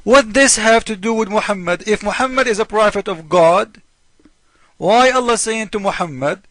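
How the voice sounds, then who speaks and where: A man's voice: high-pitched, normal speed, fairly bright tone, dry recording. Emphatic man lecturing. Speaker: video host. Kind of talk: argumentative video monologue.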